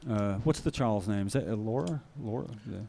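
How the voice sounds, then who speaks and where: A man's voice: on the low side, animated, fairly quick, gravelly, mellow, slight background noise. A man co-hosting a live political talk show, ranting with indignation.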